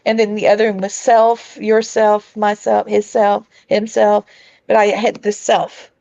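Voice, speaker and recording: A woman in a casual chat, speaking haltingly as she searches for her words. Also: mid-range voice, flat delivery, creaky, dark tone, no room sound. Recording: dull lo-fi audio.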